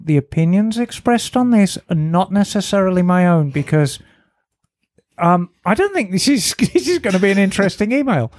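A woman's voice: medium pitch, darkish tone, no echo. Dry-voiced woman reading an email aloud. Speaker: podcast co-host. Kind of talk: casual motorcycle podcast chat. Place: garage studio.

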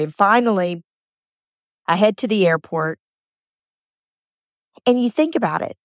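A woman at a middling pitch hosts a motivational podcast and tells personal stories. She talks in an earnest, chatty way and leans on repeated phrases for emphasis. Her voice sounds close and dry, with no room around it. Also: unhurried, pauses often, no room sound. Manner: chatty, personal anecdote telling. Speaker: podcast host.

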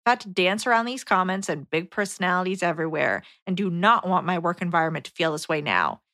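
A young woman co-hosting a podcast, reading a listener letter aloud and adding calm, wry remarks. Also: lowish voice, fast, no room sound, clean studio sound. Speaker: podcast co-host.

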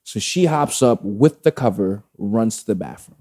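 A man telling a story in casual chat, animated and profane, with loose street slang. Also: lowish voice, moderate pace.

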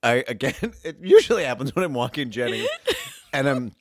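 A woman trading jokes on a comedy podcast, giggling through her rants. Her pitch swoops wildly, and the sound is close and dry. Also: wildly swooping pitch, brisk, a little mellow, dry recording. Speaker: podcast co-host. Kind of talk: comedic banter.

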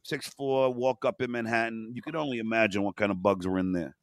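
A man's voice: lowish voice, fairly even intonation, fairly quick, no room sound, clean studio sound. Rambling, profane male storyteller. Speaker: podcast guest. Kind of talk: rambling anecdote.

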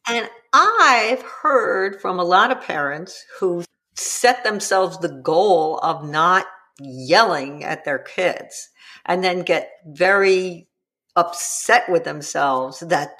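A woman, a parenting book author, speaking as an interview guest and acting out quotes of parents and children with lively energy. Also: fairly low pitch. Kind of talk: conversational interview.

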